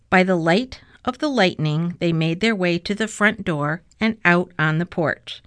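A woman narrating a children's storybook in a steady, expressive read-aloud. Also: on the low side, measured pace, few pauses, no echo, studio quality. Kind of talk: storybook reading.

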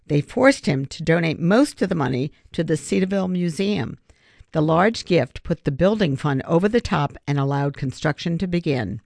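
Gravelly audiobook narrator. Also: medium pitch, no room sound, clean studio sound. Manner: steady storytelling.

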